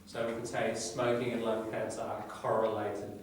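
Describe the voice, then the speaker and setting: A man's voice: lowish voice, level tone, normal speed, distant mic, a little hiss or hum. Man teaching vocabulary in an echoey classroom. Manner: explains word by word, with tag questions. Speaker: English teacher.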